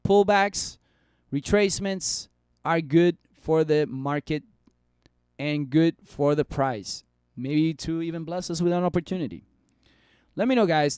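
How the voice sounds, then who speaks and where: A man with a high, smooth voice talks through stock charts in a loose, chatty way and banters with his viewers. The sound is close and dry. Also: a little mellow, no echo. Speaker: stock market streamer. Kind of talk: casual live stock analysis.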